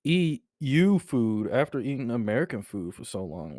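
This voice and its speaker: A man's voice: medium pitch, very animated, moderate pace, darkish tone, no room sound, clean studio sound. A man co-hosting a podcast, teasing and laughing in casual slang-filled chat. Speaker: podcast co-host.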